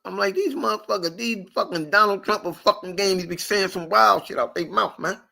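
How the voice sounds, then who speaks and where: A man hosting a casual podcast, ranting in an animated, profane, repetitive way. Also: high-pitched, normal speed, creaky. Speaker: podcast host.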